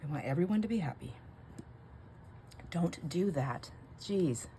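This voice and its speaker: A middle-aged woman with a low, unhurried voice chats and rambles casually as a crafting vlogger, making labels at home. She laughs often and muses aloud. The home recording carries steady background noise.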